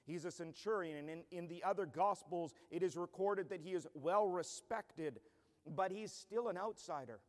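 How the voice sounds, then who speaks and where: A man pastor delivers an earnest, emphatic expository sermon in a fairly high voice. His speech carries a long reverb from a large church hall. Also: moderate pace.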